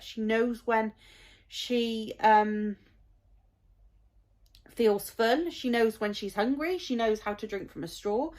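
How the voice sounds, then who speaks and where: Mum in her thirties, casual vlog, heartfelt and rambling, slightly high voice. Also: darkish tone. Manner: emotional, heartfelt, rambling with many fillers. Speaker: parent vlogger.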